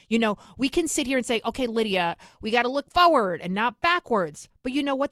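A woman's voice: a little high, no room sound, studio quality. Indignant New York woman host. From New York City. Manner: indignant, emphatic, rapid asides. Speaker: political commentary host. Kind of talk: opinionated monologue.

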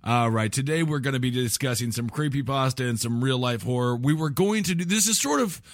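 A man's voice: mid-range voice, expressive, a little fast, dry recording, clean studio sound. A man hosting a comedy podcast, playfully leading the conversation. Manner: playful, leads the show. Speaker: podcast host. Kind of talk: comedic casual chat.

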